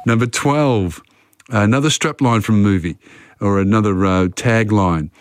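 A man hosts a call-in radio quiz in a dry studio sound with no room around him. His pitch sits mid-range, and he talks casually, reading each question and then chatting it through. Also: moderate pace, no echo.

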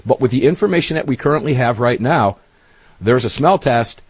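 A man's voice: mid-range voice, lively intonation, brisk, slightly rough, no room sound. A man hosting a talk radio show, emphatic and folksy, speaking straight to his listeners.

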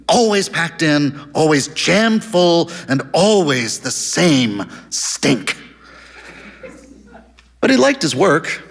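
A man reading a story aloud as narrator, in a wry, measured storytelling manner with lively emphasis. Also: a little high. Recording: long hall reverb.

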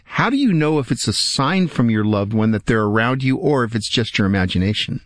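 A man's voice: mid-range voice, lively intonation, a little fast, dry recording, clean studio sound. A man who co-hosts, casually reading out a viewer's question.

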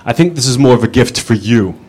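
A man's voice: medium pitch, animated, fast, darkish tone, breathy edge. A man telling dry one-liner jokes at a comedy club, with a plain setup-and-punchline delivery. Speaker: stand-up comedian.

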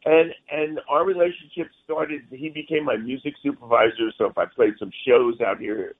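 Guest musician, male, chatty and rambling, mid-pitched, tinny phone audio. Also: fairly even intonation, normal speed. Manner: rambling, friendly, says "man" often. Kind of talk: phone interview chat.

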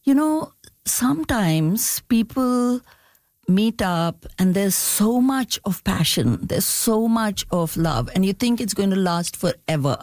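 A middle-aged woman novelist answering interview questions in a thoughtful, unhurried way, often laughing as she talks. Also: medium pitch, lively intonation, a little mellow, no room sound, clean studio sound.

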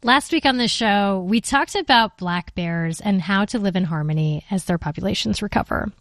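A woman introduces a radio segment and its listener stories in a bright, conversational presenting style. Her voice sits at an everyday middle pitch, recorded close and dry in a studio. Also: moderate pace, no echo. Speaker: radio host.

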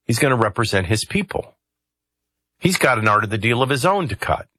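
A man's voice: medium pitch, very animated, a little fast, sharp tone, no echo. A man hosting a talk radio show, commenting conversationally with rambling asides and hesitations into a studio microphone.

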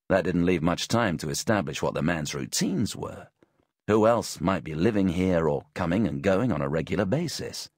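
A male audiobook narrator reading a first-person story with wry, measured delivery. His low, husky voice swings widely in pitch, and the close mic leaves the sound completely dry. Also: no echo.

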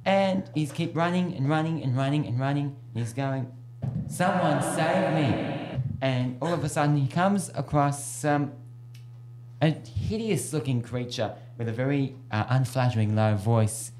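A playful male radio host who tells jokes and giggles between lines. His voice has a middling pitch. A faint hum and hiss sit under it. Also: normal speed, darkish tone. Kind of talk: casual radio chat and joke telling.

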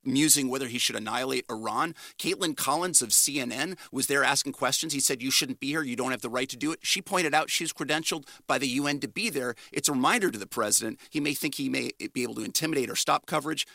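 Male correspondent, quick and conversational; bright, raspy edge, dry sound. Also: mid-range voice, no echo. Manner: brisk, conversational. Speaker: media correspondent. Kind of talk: radio news interview.

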